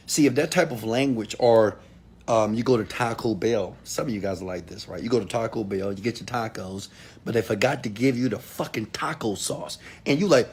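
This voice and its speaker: A man giving a motivational talk to an audience, preachy and direct, swinging from loud calls to hushed asides. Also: fairly low pitch, brisk, husky. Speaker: motivational speaker.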